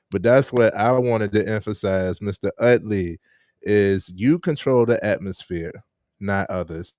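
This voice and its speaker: A man's voice: fairly low pitch, a little mellow, dry recording, studio quality. A man hosting a casual live-stream interview, laid-back and laughing often as he greets viewers. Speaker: host.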